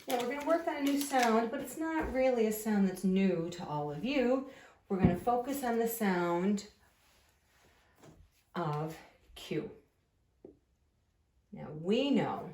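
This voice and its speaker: A woman teacher giving a slow, sing-song phonics lesson to young children, drawing words out patiently. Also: mid-range voice, lively intonation, darkish tone, echoey room.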